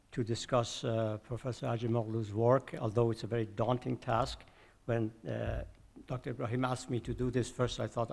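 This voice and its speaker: A man's voice: medium pitch, creaky. An older man from Iran giving a conference talk, hesitant with many filler sounds and restarts. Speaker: conference discussant.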